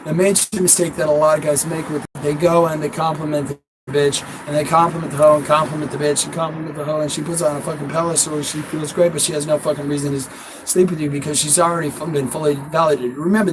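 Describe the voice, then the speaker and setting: A man's voice: a little high, steady tone, fast, noisy background. A man giving blunt, profane dating advice as a coach, talking casually to the camera outdoors. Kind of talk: casual instructional talk to camera.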